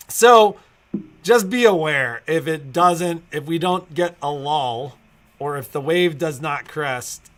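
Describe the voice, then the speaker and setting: Bright-voiced middle-aged man, rambling store update. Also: a little high. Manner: rambling, restarts with many "so, um" fillers. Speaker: store co-owner hosting a livestream. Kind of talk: casual livestream chat.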